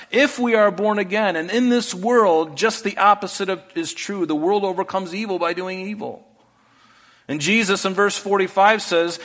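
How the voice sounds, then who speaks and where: A male pastor preaching a sermon earnestly, often dropping to a soft voice for rhetorical questions. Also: fairly high pitch.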